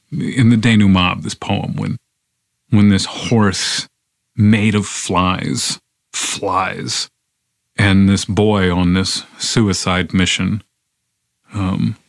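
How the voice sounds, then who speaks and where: A man reading a poem aloud on a podcast, then reflecting on it in a measured, unhurried way with thoughtful pauses. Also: on the low side, gravelly, dry recording, clean studio sound. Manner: measured and unhurried, with pauses and fillers when speaking freely. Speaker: podcast poetry reader. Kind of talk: slow poetry reading and reflective commentary.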